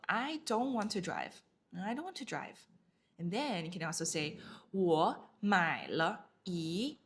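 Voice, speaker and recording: A woman teaching an online Chinese lesson, patiently repeating each word and explaining it in English. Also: fairly low pitch. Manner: patient, repeats words slowly with English glosses.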